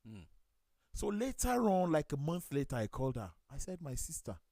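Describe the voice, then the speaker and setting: A man's voice: a little high, normal speed, vocal fry, dry recording. A man with a Nigerian accent, a pastor hosting a studio talk show, telling anecdotes and acting out the people he quotes. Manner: storytelling, acts out quoted voices, lively.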